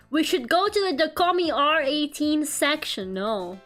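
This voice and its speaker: A woman's voice: sits high, a bit bright. A young woman streaming as a VTuber while she draws, chatting casually with viewers, giggling often and swearing now and then, her throat a little sore from a cold. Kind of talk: casual live-stream chat while drawing.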